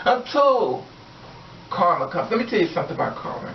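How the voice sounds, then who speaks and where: A woman's voice: fairly low pitch, very animated, fairly quick, distant mic, a little hiss or hum. A woman vlogger delivering an angry, blunt, profane rant straight to her viewers. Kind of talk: impassioned rant to camera. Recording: echoey room, off mic, dull lo-fi sound.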